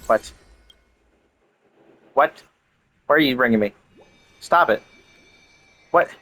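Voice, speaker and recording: A man's voice: mid-range voice, slow, bright, forceful tone. A man with a Southern US accent giving casual gameplay commentary, irritable and swearing. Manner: irritable, swears and laughs at himself. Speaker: streamer.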